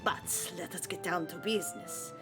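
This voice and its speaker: A woman's voice: lowish voice, normal speed, music in the background, close to an everyday voice. A woman voicing a flamboyant male fox prince in a put-on Spanish accent, grand and courtly, while reading a visual novel aloud.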